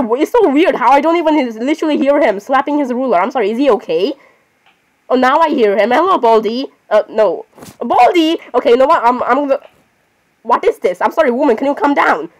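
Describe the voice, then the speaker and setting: A woman giving casual, excitable commentary while playing a game, apologizing constantly and talking to herself. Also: high-pitched, fairly quick, long pauses. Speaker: gamer.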